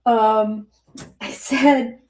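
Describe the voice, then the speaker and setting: Speaking very slowly with a slightly high voice, an older woman vlogs in a chatty, animated storytelling style. She plays both parties in phone calls, laughing, and at times her voice falls almost to a whisper.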